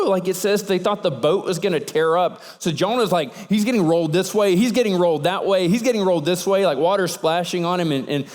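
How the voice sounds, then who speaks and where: A man preaching a sermon, telling the story in an animated way and acting out the sailors' lines. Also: fairly high pitch, big-room sound. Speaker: pastor.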